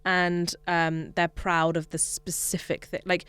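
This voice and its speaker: A young woman with a smooth, clear voice, chatting in a quick, laughing way on a comedy podcast. She is recorded close and dry. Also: lowish voice, level tone, a bit bright, dry recording. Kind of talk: casual comedic chat.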